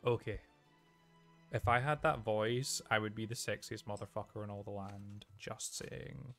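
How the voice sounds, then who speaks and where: A young man streaming a video game, giving animated, joking commentary and swearing freely. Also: lowish voice, a little slow, vocal fry, soft background music. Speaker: let's play streamer. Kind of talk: casual gaming commentary.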